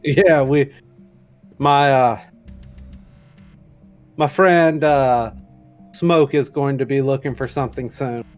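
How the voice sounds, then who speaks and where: A man's voice: medium pitch, fairly even intonation, slow pace, long pauses, faint music behind. A man playing a tabletop role-playing game, hesitant with many fillers, often talking in a polite customer-service manner. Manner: hesitant, full of fillers, slipping into a polite hotel-staff voice. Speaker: player.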